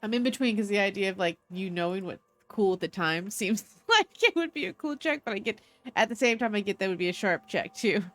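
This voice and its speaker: A woman running a tabletop horror game, narrating scenes in an unhurried, descriptive way and calling for dice rolls. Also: mid-range voice, animated, a bit bright. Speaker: game master.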